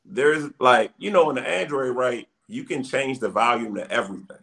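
Gravelly-voiced man explaining animatedly. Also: medium pitch, moderate pace, a bit bright. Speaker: podcast co-host. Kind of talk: casual chat.

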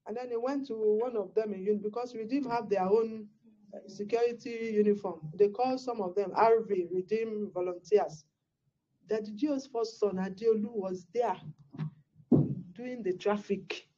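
A woman's voice: fairly high pitch, dark tone, muffled recording. A woman pastor, telling a personal testimony in a sermon with exclamations and repeated words.

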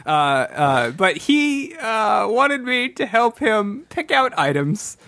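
Jokey podcast guy rambling on, kinda high voice, dry mic. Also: sing-song, slow pace, creaky, sharp tone, dry recording. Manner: rambling, jokey, many fillers and restarts. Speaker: podcast co-host. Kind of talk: casual comedic chat.

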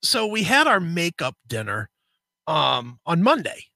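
Bright-voiced, foul-mouthed man telling a story. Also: fairly high pitch, unhurried, no room sound. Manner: profane, animated storyteller. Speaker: co-host. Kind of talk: casual storytelling chat.

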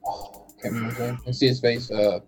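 A man's voice: mid-range voice, level tone, fast. A man hosting a casual podcast chat, rambling with many fillers and restarts. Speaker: podcast host. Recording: faint bed music behind.

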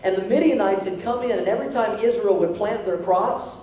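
A man's voice: high-pitched, a little fast, dark tone. A man preaching a sermon as a pastor, joking and acting out the voices of the people in his story. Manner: jokey, acts out voices of the figures. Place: church sanctuary. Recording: echoey hall from far off, faint noise.

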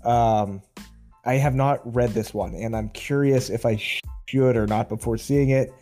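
A man's voice: medium pitch, a little slow, faint music behind. A man co-hosting a film podcast, chatting casually, laughing and asking questions. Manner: relaxed, laughing, asks questions. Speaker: podcast co-host. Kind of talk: casual chat.

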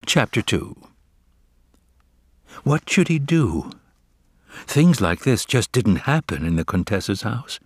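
A man reading a children's novel aloud as narrator, with expressive, dramatic storytelling. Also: lowish voice, slow pace, pauses often, husky, no echo, clean studio sound.

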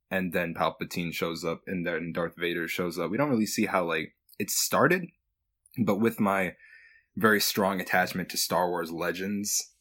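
Man, podcast co-host; deep, breathy, quick and animated casual chat. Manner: quick, animated, laughs often.

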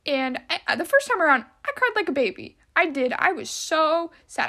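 Young woman, high bright voice, casual rambling podcast host, lots of "um" and "like". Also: very animated, moderate pace. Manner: rambling, chatty, heavy on filler words. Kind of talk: casual solo podcast chat.

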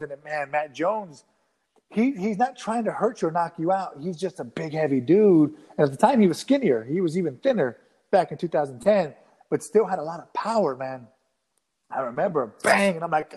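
A guest fighter in his thirties, with a somewhat high voice, tells a rambling, lively story during a casual interview. He acts out quoted lines and restarts often.

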